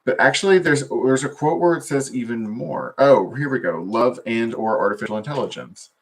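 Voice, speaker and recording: A man's voice: mid-range voice, normal speed. A man talking loosely on a solo stream at his computer, meandering with many fillers and trailing thoughts. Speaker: vlogger. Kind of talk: rambling solo livestream talk.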